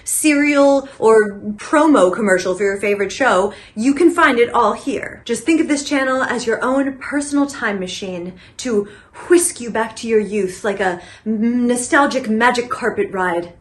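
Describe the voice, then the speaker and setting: A young woman with a slightly high voice hosts a comedic vlog monologue. She rambles from tangent to tangent, animated and chatty, with filler words all through. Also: measured pace, hardly any pauses. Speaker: host of a nostalgia channel.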